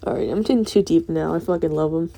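Young woman, drowsy rant, low gravelly voice, husky, sweary, rambling. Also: fast talker. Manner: rambling, sweary, breaks into soft laughs. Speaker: vlogger. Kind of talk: drowsy late-night rant.

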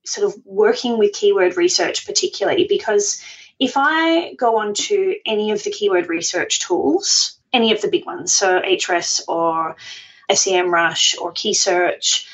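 A woman's voice: mid-range voice, lively intonation, unhurried, muffled recording. A woman guest on a podcast, talking in a chatty, self-deprecating way and laughing often. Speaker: podcast guest, food blogger. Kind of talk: conversational interview.

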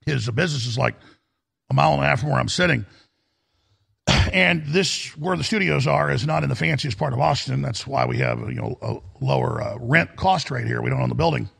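A man's voice: medium pitch, fairly bright tone. A middle-aged man hosting a talk radio show, telling rambling stories in an emphatic manner. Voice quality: gravelly, raspy.

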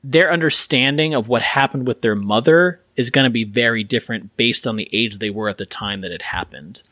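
A man's voice: medium pitch, fairly quick, sharp tone, no room sound, studio quality. A man on a podcast talking enthusiastically about a film's acting, rambling with restarts in casual chat. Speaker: podcast co-host. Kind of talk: casual film podcast discussion.

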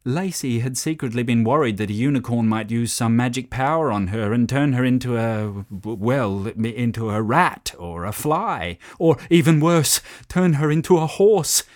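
A man narrating a children's story in an expressive, animated way. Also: mid-range voice, normal speed, hardly any pauses, no echo, clean studio sound.

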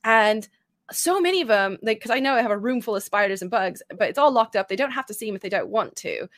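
A woman speaking as a guest therapist in a casual podcast chat, encouraging and quick to laugh as she explains fear. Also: medium pitch, very animated, no echo, clean studio sound.

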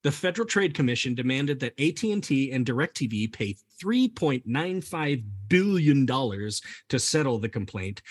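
A man's voice: medium pitch, slightly rough. A man hosting a comedy podcast who reads researched facts aloud and laughs easily. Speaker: podcast host presenting the story.

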